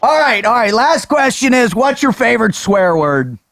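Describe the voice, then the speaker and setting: High-pitched man hosting a podcast, hyped and casual, dry sound. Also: sing-song, moderate pace, fairly bright tone, dry recording. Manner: hyped, calls guest bro and dude. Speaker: podcast host, former instructor.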